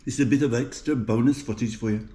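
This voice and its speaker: A man's voice: mid-range voice, fairly even intonation, fast, noisy background. A man with a Birmingham accent chatting to viewers while cooking at home, joking at his own expense. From Birmingham, England. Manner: chatty, self-mocking, talks to viewers. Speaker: home cook vlogger. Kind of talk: casual cooking vlog. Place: home kitchen. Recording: echoey kitchen with faint clatter.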